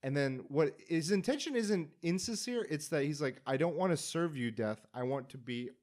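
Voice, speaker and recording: A man's voice: on the high side, normal speed. A man hosting a casual podcast chat, retelling a story with acted-out quotes and lots of fillers. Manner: animated storyteller, acts out quotes. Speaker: podcast host.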